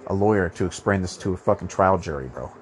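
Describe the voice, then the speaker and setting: A man's voice: low voice, quick pace. Rambling, profane, nasal male podcaster. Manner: rambling, swears a lot, many restarts. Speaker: podcast host. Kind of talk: profane monologue.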